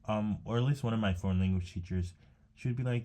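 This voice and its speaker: A man's voice: lowish voice, fast, warm tone. A young man rambling casually to himself while painting, chatty and meandering with many fillers and restarts. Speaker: art vlogger.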